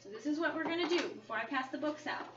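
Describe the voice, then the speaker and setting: A woman teacher talks a small reading group through their lesson, patient and questioning as she coaxes the children to answer. Her voice sits a little high and rings around a hard-walled classroom. It was picked up from a distance, so it sounds dull, with steady noise underneath. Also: rapid-fire. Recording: echoey, distant, dull, noisy classroom recording.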